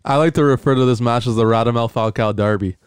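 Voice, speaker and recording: Male co-host, playful football trivia, crisp and dry. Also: mid-range voice, fast, dry recording. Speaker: podcast co-host. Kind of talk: casual sports prediction chat.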